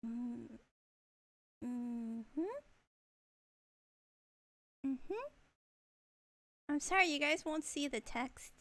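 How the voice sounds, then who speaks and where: A young woman streaming a video game live, chatting with viewers in a giggly, excitable way. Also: high voice, extremely slow, pauses often.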